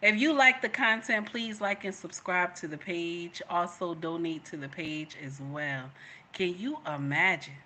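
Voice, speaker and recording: Bright-voiced woman reacting to a video. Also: lowish voice, measured pace. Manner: animated, repeats herself, talks to viewers. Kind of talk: casual reaction commentary.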